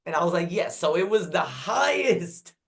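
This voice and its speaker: A man in his thirties, a podcast guest telling a story in a casual, animated way, repeating himself and acting out what people said. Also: sits high, moderate pace, gravelly.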